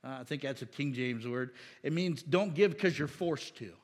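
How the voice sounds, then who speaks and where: A man's voice: mid-range voice, normal speed, big-room sound. A man preaching a sermon as a pastor, conversational and emphatic, with frequent restarts and rising bursts of emphasis.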